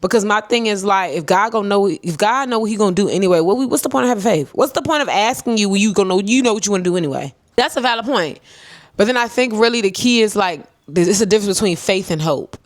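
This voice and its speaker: A woman's voice: expressive, quick pace, no echo. Young woman vlogging storytime, calls everyone girl, dry close mic. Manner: chatty, talks to viewers as "girl" and "y'all"; reflective, swings high and low in pitch. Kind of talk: casual storytime to camera.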